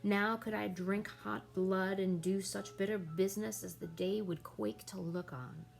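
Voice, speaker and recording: A woman's voice: medium pitch, steady tone, measured pace, vocal fry, faint music behind. A woman reading the lines of a brooding young prince, declaiming the verse with rising intensity.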